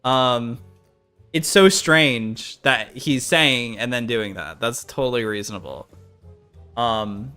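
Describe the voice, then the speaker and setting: A man's voice: medium pitch, animated, slow, bright, forceful tone, clear, resonant tone, soft background music. A British man rambling casually while reacting to clips on a live stream, often unsure and trailing off.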